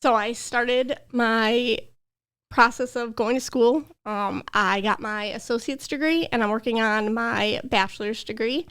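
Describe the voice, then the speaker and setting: A woman's voice: on the high side, unhurried, fairly bright tone, clean tone. A young adult woman, a podcast guest, earnestly telling a personal story with emotion. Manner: earnest, emotional, tearful at times.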